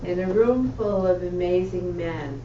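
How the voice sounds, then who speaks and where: A woman speaking to her congregation as its president, halting and restarting as she goes. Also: lowish voice, noisy background. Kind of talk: short speech to congregation. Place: synagogue sanctuary. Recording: echoey, dull room sound from far off.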